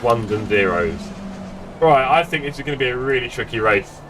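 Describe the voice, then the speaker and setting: Animated and at a moderate pace, a middle-aged man in his home gaming room chats with viewers during a sim racing livestream. His mid-range voice comes through a desk streaming mic, rambling and self-mocking, with background noise.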